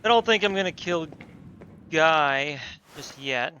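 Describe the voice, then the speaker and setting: A man giving sweary, animated gameplay commentary with laughing asides. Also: a little high, slow, dull audio, a little hiss or hum. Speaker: let's play streamer.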